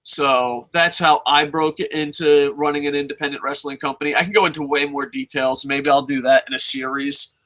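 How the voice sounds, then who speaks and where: A man's voice: a little high, steady tone, fairly quick, few pauses, pushed and bright, low-quality recording. A young man giving blunt, profane advice in a rambling casual monologue, full of restarts and swearing. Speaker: vlogger answering viewer questions.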